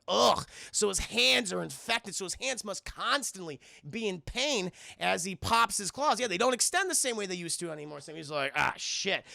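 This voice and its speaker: A young man reviewing a film with his live chat, casual and profane, acting out lines loudly. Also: high-pitched, vocal fry, no room sound, studio quality. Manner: profane, animated, acts out quotes loudly.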